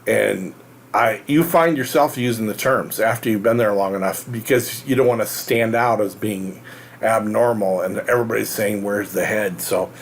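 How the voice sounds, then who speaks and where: American male host, low voice, halting and rambling explainer with faint room hum behind. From United States. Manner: rambling, halting, many fillers and restarts. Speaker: real estate show host. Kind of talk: casual explanatory monologue.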